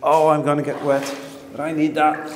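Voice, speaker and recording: A man exploring an underground bunker, talking to his camera in excited bursts and often repeating himself, recorded on a handheld camera. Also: fairly high pitch, moderate pace. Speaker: history explorer vlogger. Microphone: handheld camera mic. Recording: echoey bunker with long reverb, faint noise.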